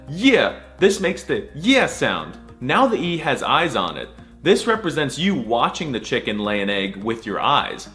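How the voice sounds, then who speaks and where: A man hams his way through a comedic alphabet lesson, mock-serious and playful. His pitch swings all over the place, jumping up into squeaky bursts between deadpan asides, and he drills each sound over and over. Soft music plays faintly underneath. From United States. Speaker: comedic language teacher.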